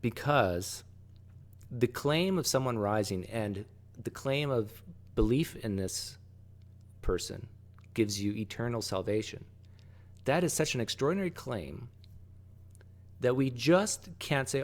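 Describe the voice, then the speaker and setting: A man hosting a casual discussion, animated and halting, often restarting sentences. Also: mid-range voice. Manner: animated, rises sharply when pressing a point; halting, frequent restarts and fillers. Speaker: host.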